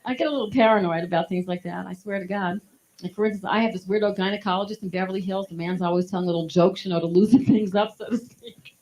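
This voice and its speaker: A woman's voice: medium pitch, fairly even intonation, quick pace, a little mellow. A woman doing a stand-up comedy set, punchy and laughing at her own jokes. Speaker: stand-up comic. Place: live comedy stage. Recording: dull lo-fi live recording.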